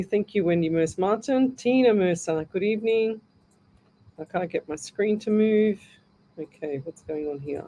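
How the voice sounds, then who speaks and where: A woman's voice: medium pitch, warm tone, a little hiss or hum. A middle-aged Australian woman hosting a live call-in radio show as a psychic medium, chatty and greeting listeners by name as she thinks aloud.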